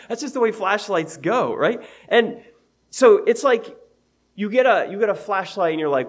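A man with a voice pitched a little high for a man, delivering a sermon. He talks in an easygoing, conversational way, reads old scripture aloud, and chuckles at his own homely examples. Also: big pitch swings, normal speed. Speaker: preacher.

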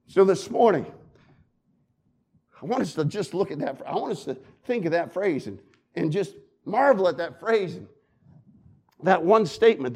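Animated, high-voiced male preacher. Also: a little slow, pauses often, husky. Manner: animated, swings between loud and hushed, repeats phrases for emphasis. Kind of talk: sermon.

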